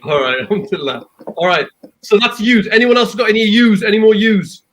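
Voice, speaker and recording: Upbeat male host, fairly high voice. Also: a little fast, a bit bright, low-quality recording. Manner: upbeat, encouraging, lots of fillers. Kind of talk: casual podcast chat.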